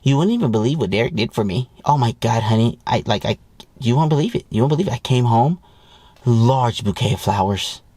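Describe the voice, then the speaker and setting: A man's voice: mid-range voice, animated, brisk, mellow, husky, dry recording. A man mocking a young wife who brags breathlessly about how perfect her husband is. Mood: gushing. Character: bragging young wife gushing over husband.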